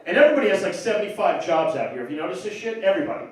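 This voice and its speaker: A man's voice: high voice, big pitch swings, rapid-fire. A man doing stand-up comedy in a club, teasing the audience with brash, crude banter. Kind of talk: stand-up comedy with crowd work. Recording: echoey club from far off.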